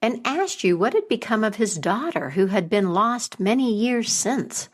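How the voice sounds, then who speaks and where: A restless young captive princess from a fairy tale, speaking high and pleading, as a woman storyteller puts her on. Her voice swings widely and she speaks slowly. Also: very animated. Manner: high, pleading, startled cries.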